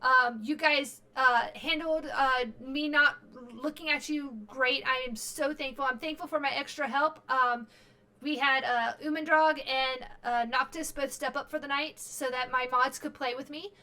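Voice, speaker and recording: A woman's voice: sits high, fairly even intonation, a little slow, sharp tone. A very tired woman streamer wrapping up her stream in casual chat, rambling with lots of fillers and restarts.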